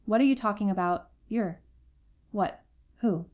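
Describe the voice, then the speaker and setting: A woman's voice: mid-range voice, a little slow, natural voice. Woman reading as a stunned, hurt husband. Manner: quiet, shaken questions.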